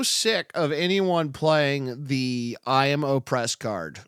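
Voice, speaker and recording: A man's voice: fairly high pitch, unhurried, hardly any pauses, fairly bright tone, smooth, no room sound, clean studio sound. A young man hosting a comedy podcast, reacting to news clips with sarcastic, profane, rambling commentary.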